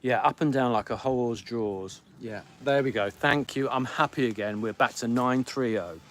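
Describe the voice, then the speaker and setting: A man's voice: mid-range voice, a little hiss or hum. A middle-aged man hosting a live podcast stream from home, grumpy and theatrical, rattling on like an auctioneer. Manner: grumpy, theatrical, pleading with viewers; rapid-fire like an auctioneer. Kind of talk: casual live-stream chat.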